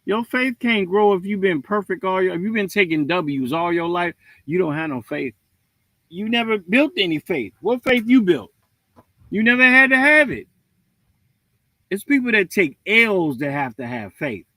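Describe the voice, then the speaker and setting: A man's voice: sits high, moderate pace, no echo. A man hosting a livestream, giving a casual, preachy rant with jokes. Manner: animated, preachy, joking. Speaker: livestream host.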